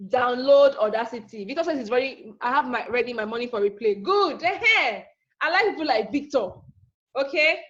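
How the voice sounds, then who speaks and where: A woman's voice: high-pitched, fairly bright tone. A woman teaching a live online class, chatty and teasing, checking in often with "okay?". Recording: dull lo-fi.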